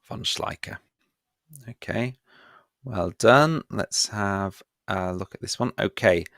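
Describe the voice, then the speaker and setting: A man's voice: fairly low pitch, takes it slowly, a bit bright, dry recording, clean studio sound. A man teaching a live online history revision session, playful and self-mocking as he runs a quiz.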